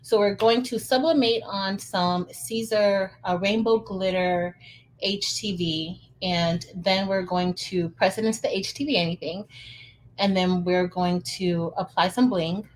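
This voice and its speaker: A woman's voice: medium pitch, fairly even intonation, a little slow, slight background noise. A woman hosting a casual crafting livestream on her phone, chatting and greeting viewers.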